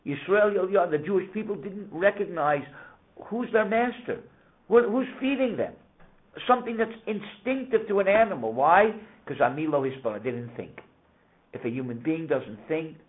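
A man teaching a casual Torah lesson, telling stories with animated, emphatic questions. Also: a little high. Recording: tinny phone-like sound.

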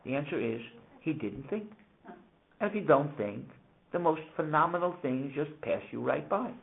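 A man teaching a casual Torah lesson, telling stories with animated, emphatic questions. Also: a little high, moderate pace, gravelly. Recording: tinny phone-like sound.

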